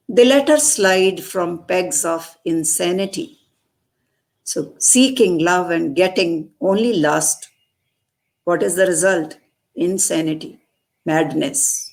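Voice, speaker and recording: A woman reciting a poem and explaining it, repeating lines slowly for emphasis. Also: on the low side. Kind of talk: poetry recitation with commentary.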